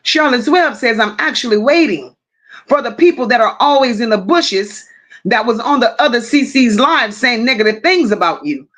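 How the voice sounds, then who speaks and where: Woman, high voice, livestream host, casual chat, greets viewers fondly, blunt talk. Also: lively intonation, normal speed, fairly bright tone. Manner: affectionate, calls viewers "my love" and "boo".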